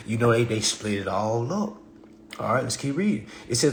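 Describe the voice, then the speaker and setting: A man reading consumer law aloud to viewers, animated and profane, talking to them directly. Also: medium pitch, moderate pace, a little hiss or hum. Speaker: consumer finance commentator. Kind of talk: casual ranting while reading statute aloud.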